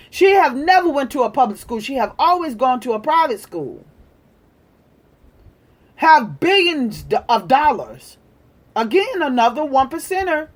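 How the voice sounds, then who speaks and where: A woman delivering a heated, profane political rant, repeating her points with emphasis. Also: high voice. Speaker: political commentator.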